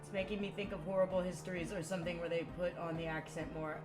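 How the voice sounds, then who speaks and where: A woman's voice: fairly low pitch, steady tone, quick pace, a little mellow. A young woman streaming a game, chatting casually and rambling with lots of "like" and cursing. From United States. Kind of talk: casual gaming commentary. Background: faint game music.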